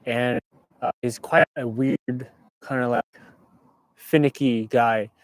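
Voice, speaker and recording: A young man from California hosts a relaxed livestream from inside his parked car and talks back to viewers' comments as they come in. His voice sits at an ordinary middle pitch for a man. It is picked up by a clip-on mic with a close, dry sound and no room echo. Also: takes it slowly. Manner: laid-back, reading viewer comments aloud. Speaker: livestream host. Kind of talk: casual livestream chat.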